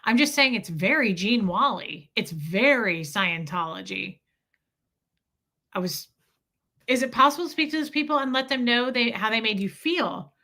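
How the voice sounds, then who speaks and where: Bright slightly high-voiced woman on a livestream, candid and emotional, laughs a lot, swears freely. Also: lively intonation, normal speed. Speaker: livestream host. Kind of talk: casual livestream chat reading comments.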